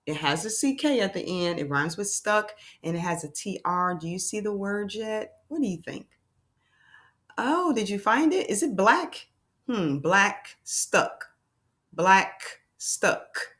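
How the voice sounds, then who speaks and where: A woman's voice: mid-range voice, animated, a little slow, fairly bright tone. A woman teaching a children's phonics lesson, sounding out words and asking encouraging questions.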